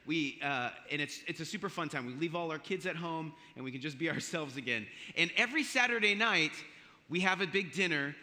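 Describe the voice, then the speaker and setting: This chapel speaker, a man in his forties, tells stories and jokes at his own expense in a playful, conversational talk at a university chapel. His voice runs on the high side, animated and a little fast, with a bright, forceful tone, and the chapel's long hall reverb trails each line.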